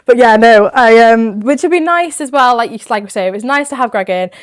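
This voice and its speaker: A woman with a Yorkshire accent hosting a podcast in a casual, chatty way, quick to laugh. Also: fairly high pitch, expressive. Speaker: podcast host.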